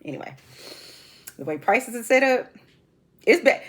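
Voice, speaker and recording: A woman in her forties talks straight to her viewers about celebrity gossip in a casual, sassy way, laughing as she goes. Her voice is slightly husky and her pitch jumps up and down with a lot of life. She sounds relaxed and opinionated. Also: brisk, pauses often. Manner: animated, sassy, laughs often. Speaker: reality TV commentary host. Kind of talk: casual chat.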